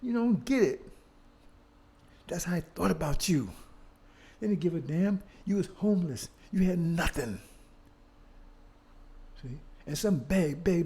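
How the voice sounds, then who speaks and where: A man's voice: sits high, animated, unhurried, vocal fry, pauses often, warm tone. An older man giving a fiery lecture, pounding on repeated rhetorical questions and swearing now and then. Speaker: speaker on history. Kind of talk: impassioned street-style lecture.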